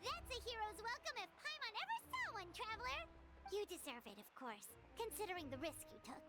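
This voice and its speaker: A bubbly little female companion creature from a video game, chattering with a piping, very high voice that leaps all over the place. She sounds eager and excitable. Clear game music plays behind her. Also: fairly quick. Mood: cheerful. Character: tiny chirpy female floating companion creature.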